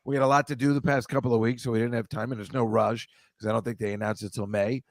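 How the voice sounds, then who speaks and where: A man's voice: medium pitch, steady tone, fast, no room sound, clean studio sound. A middle-aged man hosting a podcast, chatting casually and rambling with jokey asides to his viewers. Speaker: podcast host. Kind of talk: casual livestream chat with viewers.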